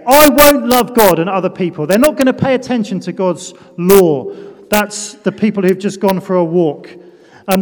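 A man's voice: high voice, a little mellow, a little hiss or hum. A man preaching a sermon with a children's demonstration in a church hall. He talks playfully, pokes fun at himself and calls up volunteers.

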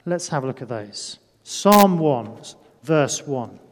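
A man's voice: a little high, expressive, slow, slight background noise. A man preaching a sermon with a children's demonstration in a church hall. He talks playfully, pokes fun at himself and calls up volunteers.

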